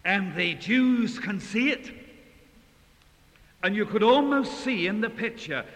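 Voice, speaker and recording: Slow dramatic male preacher in a hall. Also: high-pitched. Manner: dramatic, swinging from loud to hushed. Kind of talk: sermon. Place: large hall. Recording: long hall reverb, faint hiss.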